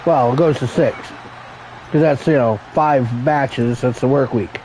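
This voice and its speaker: A man's voice: medium pitch, measured pace, darkish tone, a little hiss or hum, poor audio. A man calling an amateur wrestling show as commentator, crude and joking, rambling and calling people brother. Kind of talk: profane play-by-play commentary.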